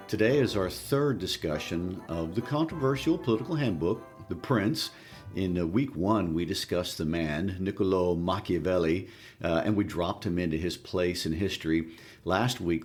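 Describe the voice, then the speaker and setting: A man's voice: deep voice, darkish tone. A man co-hosting a literature podcast, talking casually and a little hesitantly with frequent fillers. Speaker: podcast co-host.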